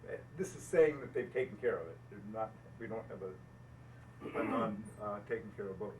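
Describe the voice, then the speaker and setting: A man's voice: mid-range voice, recorded from a distance, a little hiss or hum, poor audio. An older American man telling folksy stories to an audience about building boats, laughing at himself as he goes. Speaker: boat builder speaking at an owners' gathering. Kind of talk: storytelling talk to an audience. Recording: faint ambience, speaker off the mic.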